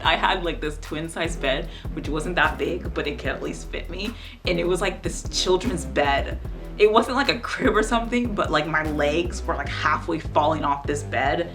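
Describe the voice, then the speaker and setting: Low-voiced young woman telling a story. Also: normal speed, music in the background. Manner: animated, exasperated storytelling full of "like". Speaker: vlogger. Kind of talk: casual storytelling vlog.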